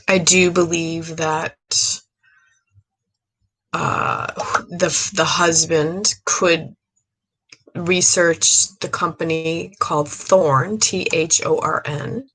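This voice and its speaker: A woman's voice: low-pitched, fairly bright tone, slightly rough. A woman speaking as a psychic medium in a casual monologue, earnest and rambling, with many fillers and restarts, sounding tired. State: tired, low stamina.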